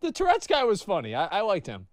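Streamer man, high and lively, excitable and profane, loud music underneath. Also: fast. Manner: excitable, swears freely. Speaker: streamer reacting to videos. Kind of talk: casual live-stream reaction chat.

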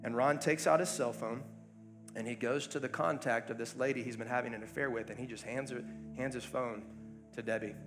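A man's voice: medium pitch, fairly even intonation, fairly quick, over music. A man preaching a sermon as pastor, retelling a story in an earnest, conversational way with frequent ums and uhs.

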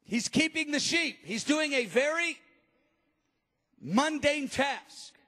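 A man preaching a sermon, telling the story in an animated, emphatic way. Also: very high voice, takes it slowly. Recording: long reverb of a large hall.

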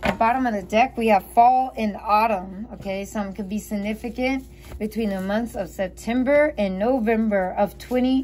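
A woman's voice: medium pitch, darkish tone, slight background noise. A woman reading tarot cards aloud, chatty and giggly, thinking aloud as she goes. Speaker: tarot reader.

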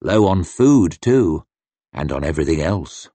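A man reading an audiobook narration with expressive, varied delivery. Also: low voice, a little slow, dry recording. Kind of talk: scripted fantasy narration.

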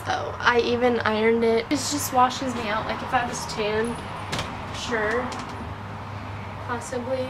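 A teenage girl chats to her phone camera in an excitable, rambling vlog voice, pitched a little high and taking her time over the words. The phone sits back from her, and steady background noise runs under the talk. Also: measured pace, pauses often, distant mic. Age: teens. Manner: chatty, excitable, rambling with fillers. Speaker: vlogger. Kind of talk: casual vlog. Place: car, phone held while driving.

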